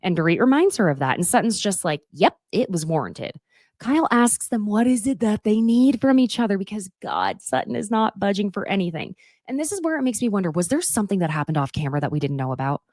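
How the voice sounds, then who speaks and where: A woman's voice: medium pitch, sing-song, fast talker, a little mellow, dry recording, clean studio sound. A woman hosting a podcast, recapping a reality show in a chatty, sassy way, with asides to her listeners and snippets of the cast acting out lines.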